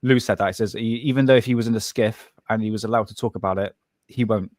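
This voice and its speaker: A man's voice: on the low side, quick pace, darkish tone, dry recording, studio quality. A man from Southwest England with a Southwest English accent, chatting casually on a live stream as co-host, rambling with frequent restarts. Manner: rambling, restarts often, says "mate".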